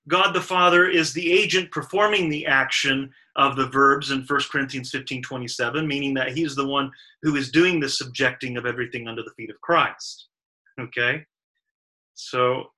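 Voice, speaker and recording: A man's voice: medium pitch, normal speed, pushed and bright, low-quality recording. A man giving a Sabbath Bible study lecture, working carefully through verses and stressing strings of verbs one by one. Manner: methodical, stressing lists of verbs with emphasis. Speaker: Bible teacher.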